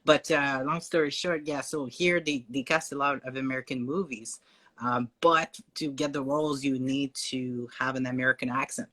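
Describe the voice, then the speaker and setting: A man with a French Canadian accent, chatting as a guest in a casual conversation, hesitant with fillers and quick to laugh. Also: medium pitch, steady tone, bright, forceful tone.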